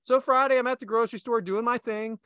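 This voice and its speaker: High bright guy hosting a podcast, rambly story, dry sound. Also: steady tone, quick pace, clean tone, dry recording. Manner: rambling anecdote with self-asides. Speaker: podcast host.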